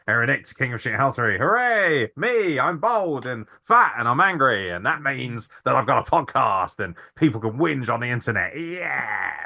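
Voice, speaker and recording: A man's voice: a little high, bright, forceful tone. A man hosting a crude comedy podcast, introducing guests in a mock-grandiose announcer manner full of profanity. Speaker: podcast host.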